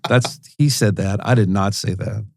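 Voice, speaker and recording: A man co-hosting a casual podcast, mostly chiming in with short agreeing responses and talking quickly when he gets going. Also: on the low side, steady tone, gravelly, no room sound, studio quality. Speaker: podcast co-host.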